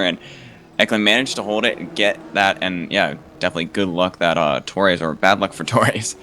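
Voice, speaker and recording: A man's voice: deep voice, slight background noise. A man giving play-by-play commentary on an online sim race, his voice climbing when the racing gets close. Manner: quick, rising excitement on passes.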